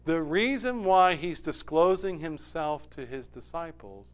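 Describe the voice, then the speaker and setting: A man preaching a sermon, animated, dropping to a hush and rising loud when he acts out quoted lines. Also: on the high side, measured pace. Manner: animated, swings from hushed to loud when quoting. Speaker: pastor.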